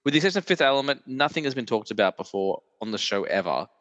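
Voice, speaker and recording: A man's voice: mid-range voice, lively intonation, fast talker, a bit bright, no echo, big-room sound, muffled recording. A man hosting a film podcast, chatting casually with many "like" fillers and easy laughs. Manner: rambling, lots of "like" fillers, laughs often. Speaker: podcast host. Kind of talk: casual chat.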